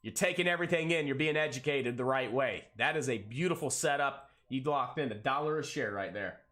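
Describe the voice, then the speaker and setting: Hyped, bright-voiced man calling trades live. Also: mid-range voice. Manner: excitable, hyped, jokey, calls out prices rapidly. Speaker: day-trading live stream host. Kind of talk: live trading commentary and banter.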